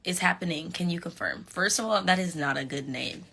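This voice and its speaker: A young woman chatting casually with fans on a live stream, animated and sassy, talking straight to her viewers. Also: fairly low pitch, fairly quick, creaky, breathy edge. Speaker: reality show contestant on a live stream. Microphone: phone.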